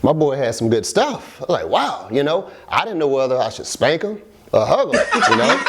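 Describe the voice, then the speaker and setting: A man's voice: on the high side, sing-song, fast talker, heavy background noise. A man performing stand-up about his son, acting out the voices of the people in his stories. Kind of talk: stand-up comedy set.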